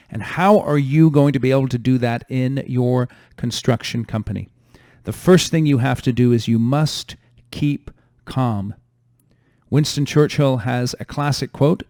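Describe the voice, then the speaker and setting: Male podcast host, mid-pitched, dry close mic, firm coaching delivery. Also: a little mellow, no room sound. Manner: direct, coaching tone with numbered points. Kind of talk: solo advice talk.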